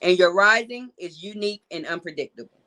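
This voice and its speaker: A woman's voice: on the low side, animated, fairly quick, bright, forceful tone, rough recording. A woman, hosting a live call-in show in a loose, chatty way and talking straight to her viewers. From Georgia, USA. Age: 40s. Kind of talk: casual live-stream chat.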